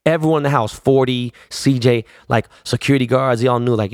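A man's voice: medium pitch, fast talker, a little mellow, dry recording, clean studio sound. A man in his forties casually telling long rambling stories, full of slang and swearing. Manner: profane, rambling, slangy storytelling. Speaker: podcast host telling stories. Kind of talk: casual storytelling.

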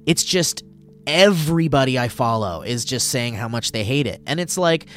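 A man co-hosting a podcast, chatting casually in an animated, excitable way and talking over the others. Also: mid-range voice, moderate pace, soft background music. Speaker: podcast co-host. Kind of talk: casual chat.

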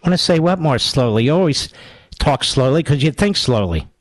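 On his talk radio show, a man rips into his opponents' clips with sarcasm and mockery, imitating them as part of his combative political commentary. He speaks at normal speed in a fairly high, expressive voice, and the recording is dry.

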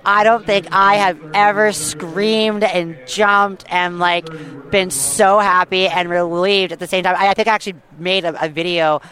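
A woman guest telling a long story with lively excitement, full of fillers and quick restarts. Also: mid-range voice. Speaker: guest hunter. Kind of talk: animated storytelling.

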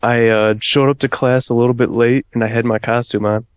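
A man's voice: medium pitch, little pitch movement, brisk, clean tone, no echo. Sex: man. Role: podcast guest. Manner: laid-back, storytelling. Sound: dry. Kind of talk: casual podcast chat.

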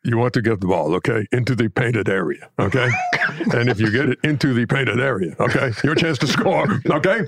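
A man's voice: mid-range voice, brisk, creaky, no room sound. A man doing an impression of an older basketball coach, emphatic and punctuating each phrase with a checking tag. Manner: tacks "okay?" onto every phrase, emphatic.

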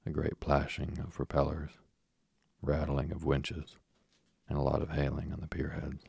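A man with a deep gravelly voice, reading a story aloud slowly and softly for sleep. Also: no echo. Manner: soft, even, unhurried delivery. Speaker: narrator.

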